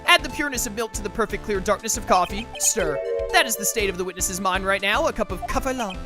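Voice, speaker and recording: A woman's voice: mid-range voice, lively intonation, fast talker, close to an everyday voice. A woman reading the lines of a cool, cryptic male prosecutor who speaks in theatrical coffee metaphors. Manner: smooth, theatrical. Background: game music.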